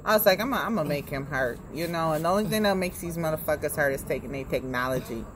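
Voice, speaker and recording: Woman, podcast co-host, loud profane storyteller who mimics people. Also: low-pitched, quick pace, a little hiss or hum. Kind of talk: casual chat.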